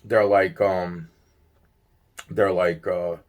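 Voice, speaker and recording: A young man, worked up and rambling, tells a personal story laced with profanity, fillers and restarted sentences. His fairly low voice carries lively intonation at a slightly slow pace.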